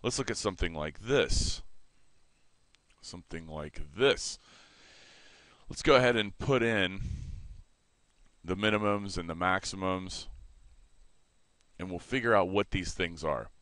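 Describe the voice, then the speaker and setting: A man teaching a math lesson in a relaxed way, correcting himself and explaining as he sketches on a board. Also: deep voice, measured pace, pauses often, dry recording.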